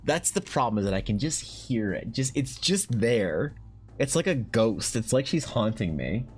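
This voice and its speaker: A man with a Canadian accent chatting on a live art stream, excitable and swearing, mock-exasperated at his chat. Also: mid-range voice, moderate pace, slightly rough, faint music behind. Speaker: artist streamer. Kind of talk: casual livestream chat while drawing.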